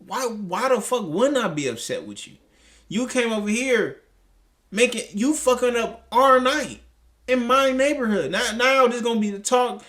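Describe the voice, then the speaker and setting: A man's voice: extremely high pitch, expressive, moderate pace, bright, forceful tone. A man reacting to a clip, talking in a heated, profane, rambling way with many restarts. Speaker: commentary host. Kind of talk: reaction commentary.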